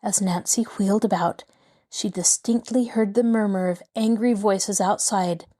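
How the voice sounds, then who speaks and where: A woman host narrating a mystery novel aloud with a lively, dramatic delivery. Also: medium pitch, a little slow. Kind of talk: scripted storybook narration.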